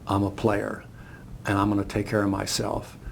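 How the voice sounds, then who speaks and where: A man doing a defiant, gravelly lion. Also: fairly low pitch, monotone, moderate pace, slight background noise. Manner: defiant, firm. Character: defiant male lion seeking freedom.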